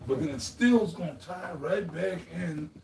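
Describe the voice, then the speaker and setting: A man speaks in a rambling, emotional way during an informal spiritual group talk, and he keeps tacking "man" onto his phrases. His voice sits a little high. He is picked up from a distance in a roomy, echoing space. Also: unhurried, vocal fry. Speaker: elder in a religious group discussion. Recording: echoey room, distant mic, faint noise.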